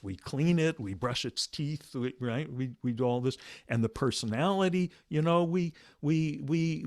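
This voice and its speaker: Soft-spoken reflective male meditation teacher. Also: medium pitch, no room sound, studio quality. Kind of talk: meditation discussion talk.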